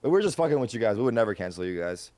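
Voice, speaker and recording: A man's voice: fairly low pitch, big pitch swings, racing, darkish tone, no echo. A man co-hosting a stream, joking around with playful mock threats. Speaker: streamer co-host. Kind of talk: casual stream chat.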